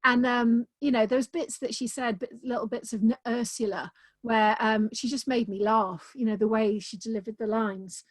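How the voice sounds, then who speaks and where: A woman's voice: on the high side, fairly even intonation, normal speed, dry recording. A woman author talking enthusiastically about her books in a casual video-call interview, with many "um"s. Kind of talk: casual conversation.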